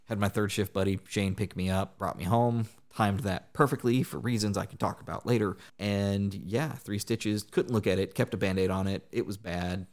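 A lower-voiced man in his thirties with a twang, chatting on a hobby podcast. He tells his stories with animation and shouts out the lines he quotes. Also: moderate pace, hardly any pauses. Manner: animated storyteller, acts out quotes loudly. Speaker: podcast co-host. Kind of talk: casual chat.

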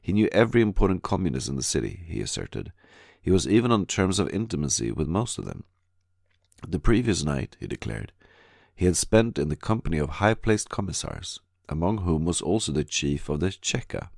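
Very deep gravelly guy reading an audiobook, steady pace, dry close sound. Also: a little fast, no echo. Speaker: audiobook narrator. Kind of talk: scripted narration.

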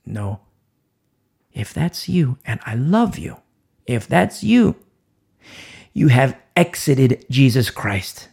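A man preaching a sermon, emphatic and repetitive, asking rhetorical questions and swinging from loud emphasis down to a hushed voice. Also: medium pitch, creaky, breathy edge.

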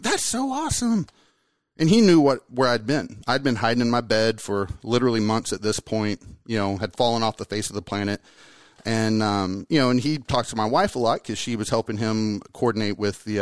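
A man hosting his own podcast in casual, energetic chat, joking and rambling as he talks to a guest. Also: fairly low pitch, no room sound. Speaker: podcast host.

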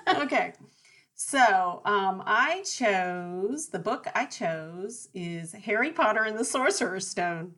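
A middle-aged woman co-hosting a casual chat, telling stories in a chatty, animated way and laughing often. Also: mid-range voice, slow pace. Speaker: podcast co-host.

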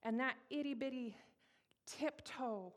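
A woman in her thirties from Colorado, USA, shares her personal testimony with an audience in a high voice at a measured pace. She speaks candidly and emphatically, repeating her key phrases.

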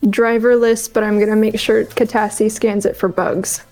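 A woman's voice: mid-range voice, level tone, moderate pace, darkish tone, soft background music. A woman playing a tabletop game, speaking breezily and playfully in character. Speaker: player.

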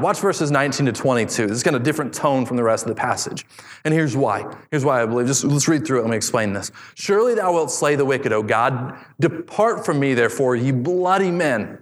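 A man preaching a sermon, animated, reading scripture aloud and acting out voices. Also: mid-range voice. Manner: animated preaching, acts out David's voice. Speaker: pastor. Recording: long hall reverb.

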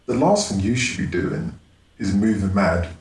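A man chats bluntly on a podcast, voice sitting very low and laughing often. The room rings around him with a faint hiss underneath. Casual, swearing, relaxed banter. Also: moderate pace. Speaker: podcast co-host. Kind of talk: casual chat. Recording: roomy room with faint noise.

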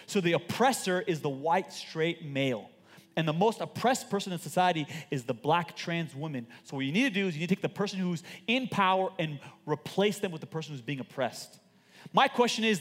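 A man preaching a sermon as a pastor, animated and emphatic with joking stories, in a large church auditorium. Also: sits high. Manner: animated, emphatic, jokey storytelling. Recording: long hall reverb.

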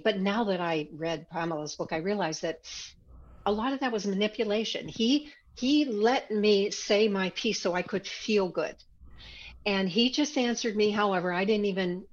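Woman, interview guest, reflective personal storytelling, animated retellings, slightly dull lo-fi recording. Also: medium pitch.

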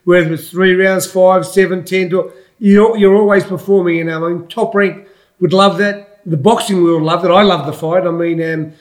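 A high-voiced Australian man in his sixties talks bluntly and loosely in a casual interview. He rambles from point to point and calls everyone "mate". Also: fairly even intonation, moderate pace. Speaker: former boxer, guest pundit.

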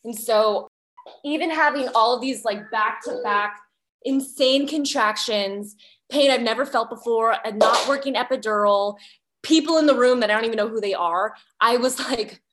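A woman with a slightly raised pitch tells a personal story as a podcast guest. She speaks candidly and with life, and often slips into voicing what she was thinking at the time. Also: moderate pace. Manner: candid and lively, acting out her own past thoughts.

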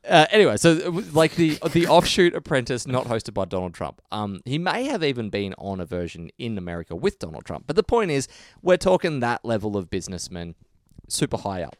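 Aussie guy on a podcast telling a story, jumps up high for quotes, dry close sound. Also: a little fast, no room sound. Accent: Australian. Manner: animated, jumps up in pitch for quoted voices. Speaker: podcast co-host. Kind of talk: casual chat, storytelling.

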